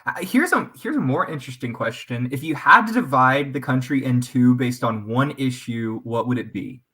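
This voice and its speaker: Laid-back dude chatting on a stream, hedges a lot, bright mid voice. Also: male voice, medium pitch, animated, moderate pace, breathy edge. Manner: easygoing, dry sarcasm, hedging. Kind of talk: casual chat on a livestream.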